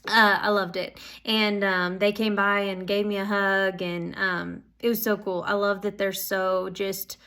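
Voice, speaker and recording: Young woman, earnest personal vlog update, gushing and rambling, mid-pitched voice. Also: little pitch movement, unhurried, few pauses, sharp tone. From Oklahoma. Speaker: Bible school student.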